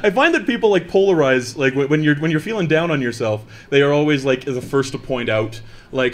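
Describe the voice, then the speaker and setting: A man's voice: a little high, lively intonation, fairly quick. A man works a live comedy stage, talking into a handheld mic. He is chatty and mocks himself, slipping into quoted voices as he goes. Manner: chatty, self-mocking, acts out quoted voices. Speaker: stand-up comedian. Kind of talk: stand-up comedy set.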